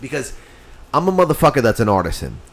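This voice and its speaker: A man's voice: medium pitch, very animated, quick pace. A man telling a long story in casual chat, swearing constantly and acting out the people in it. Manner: profane storytelling, mimics others' voices.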